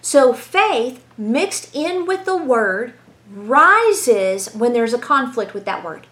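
High-voiced woman teaching the Bible. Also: slow. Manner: animated, storytelling, asks rhetorical questions.

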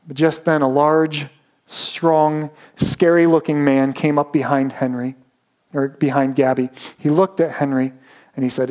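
Brief: male pastor, fairly high voice, dramatic story-driven sermon with slowed emphasis. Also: little pitch movement, a little mellow.

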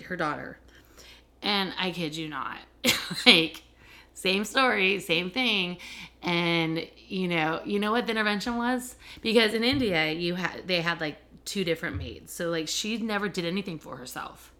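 Candid, animated middle-aged woman podcaster. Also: fairly low pitch. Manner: candid, animated storytelling with frequent fillers. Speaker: podcast host and educator working with children and families. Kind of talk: casual podcast monologue.

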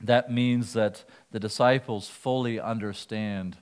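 A man's voice: lowish voice, fairly even intonation, measured pace, clean tone. A man preaching a sermon to his church, explaining scripture in an earnest teaching manner with occasional restarts. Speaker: pastor.

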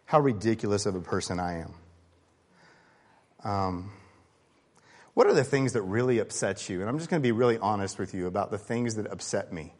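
A man preaching a sermon in a conversational, candid way, swinging between loud emphasis and quiet asides. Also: fairly low pitch, a little fast, pauses often. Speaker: pastor.

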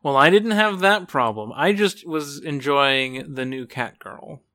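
A man's voice: fairly high pitch, measured pace, bright, forceful tone. A man chatting casually as a podcast co-host, rambling and hesitant, with many restarts. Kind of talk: casual chat.

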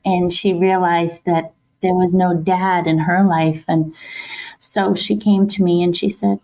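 A woman telling a personal family story on a podcast in a heartfelt, halting way, with soft laughs. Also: fairly low pitch, little pitch movement, rough recording. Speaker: guest, author and wife of host.

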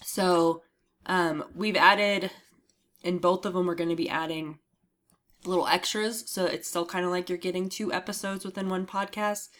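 Woman podcast co-host, sick with a cough, loose and chatty, quick to laugh. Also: lowish voice, fairly even intonation. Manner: laughs often, swears casually. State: coughing with a cold. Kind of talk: casual fan podcast chat.

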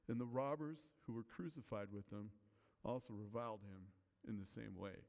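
A man's voice: medium pitch, a little mellow, smooth. A man preaching a sermon as pastor, explaining a passage in an earnest way and reading scripture aloud to the congregation. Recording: long hall reverb.

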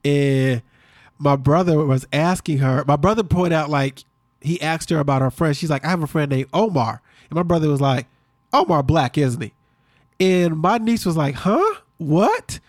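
A man co-hosting a podcast, recapping a reality show in quick, animated casual chat. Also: fairly high pitch, no room sound, clean studio sound. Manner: fast-talking, animated storyteller. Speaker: podcast co-host.

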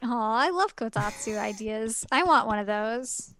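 A woman with a high voice co-hosts a relaxed podcast, dropping playful quips and reactions. Her voice is dry and close, recorded with no room sound. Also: unhurried, dry recording. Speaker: podcast co-host. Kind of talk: casual recap chat.

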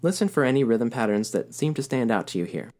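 A man's voice: medium pitch, sing-song, fast, noisy background. A man teaching a recorded music lesson, explaining rhythm patiently and counting beats aloud.

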